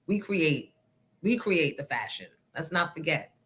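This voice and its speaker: A woman's voice: low voice, lively intonation, measured pace, fairly bright tone. A woman hosting a casual livestream show, speaking outspokenly and answering her chat. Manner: outspoken, talks back to the chat.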